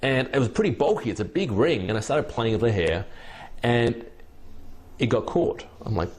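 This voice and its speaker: A young dating coach tells a long anecdote in a very animated, medium-pitched voice at a moderate pace. Offering casual storytelling and advice, he rambles with frequent restarts and repeated words.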